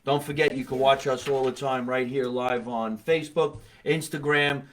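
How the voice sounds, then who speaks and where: A middle-aged man hosts a casual comedy podcast. He talks in a brash, joking way at a medium pitch, piling on plugs and catchphrases. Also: steady tone, normal speed. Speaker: podcast host.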